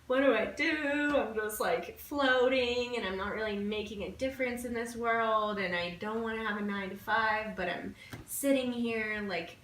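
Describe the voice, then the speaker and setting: A woman's voice: mid-range voice, normal speed, fairly bright tone. A chatty woman tells a story on a podcast, full of "like" fillers. She sits some way back from the mic, and her voice echoes around the room. A faint hiss runs underneath. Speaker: podcast guest. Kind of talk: casual conversation. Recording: roomy echo, distant mic, faint background noise.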